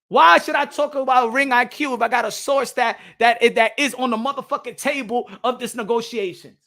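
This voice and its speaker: High-pitched gravelly guy ranting about boxing deals, swearing a ton, bright edgy voice. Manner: loud, profane, animated, laughing often. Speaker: boxing channel host. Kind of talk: ranting reaction to viewer comments.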